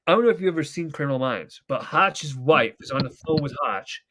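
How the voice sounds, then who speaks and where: A young man with a somewhat high voice talks loosely and at length. He rambles through retold TV scenes, swearing freely in casual podcast chat. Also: lively intonation, a little fast, background noise. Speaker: podcast host.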